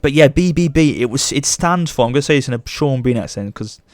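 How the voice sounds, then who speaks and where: An excitable young man talks through his strategy game, often bursting into delighted praise. His voice sits at an ordinary middle pitch. The sound is close and dry, with no room echo. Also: fast, soft background music. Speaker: let's play host. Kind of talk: gameplay commentary.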